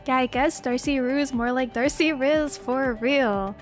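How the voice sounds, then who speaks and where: A woman's voice: high voice, a little slow, faint music behind. A young woman streamer chatting casually, laughing often and swearing freely.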